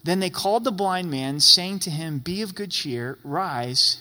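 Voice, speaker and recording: In a large church hall with long reverb, a man preaching as a pastor speaks in a high, animated voice. His pace is measured and his tone pushed and bright, and he drives his points home by emphatically repeating phrases.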